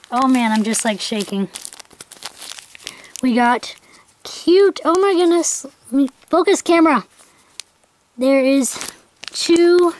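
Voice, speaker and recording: A young woman unboxing a package in a vlog, gushing and breathless with excitement, gasping often. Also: sits high, slight background noise, poor audio. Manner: quiet aside voice while handling things. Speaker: vlogger.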